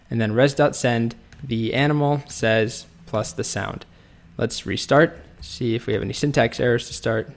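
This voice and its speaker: Guy doing a coding tutorial, gravelly voice, easygoing step by step explaining. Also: mid-range voice. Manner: relaxed, explains step by step while typing. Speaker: coding instructor. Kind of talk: screen-recorded coding tutorial.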